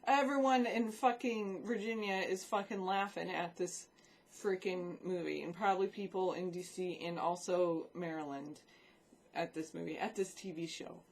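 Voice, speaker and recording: A woman's voice: on the low side, fairly even intonation, normal speed. A woman vlogging in a casual, rambling chat about films and shows she watched, swearing freely as she talks into a desk microphone.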